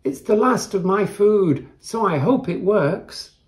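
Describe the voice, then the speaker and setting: A man's voice: sits high, animated, slow pace, darkish tone, pitched above the performer's own voice. A man voicing a kind, humble, hungry poor boy in a children's story.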